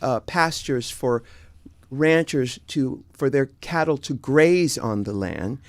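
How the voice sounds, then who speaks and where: Middle-aged male guest, casual and meandering, mid-pitched, close dry sound. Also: expressive, dry recording. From United States. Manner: meandering, many pauses to find words. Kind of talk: casual chat.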